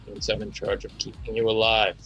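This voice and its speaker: A man playing a composed, formal male vampire in a tabletop game, measured in his speech. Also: on the low side, flat delivery, fairly bright tone, dull audio, soft background music, lightly acted. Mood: courteous.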